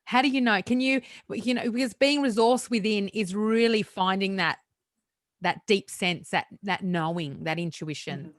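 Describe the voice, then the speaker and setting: A woman podcast host asking gentle, searching questions, using fillers as she goes. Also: medium pitch, moderate pace, no room sound, studio quality. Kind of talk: interview questions.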